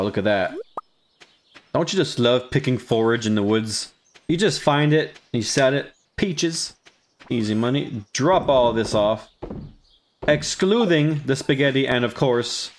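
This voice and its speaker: Playful let's-play gamer, male, lively swooping pitch, faint game music underneath. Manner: playful, talks to himself, jumps into silly voices. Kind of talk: casual gameplay commentary.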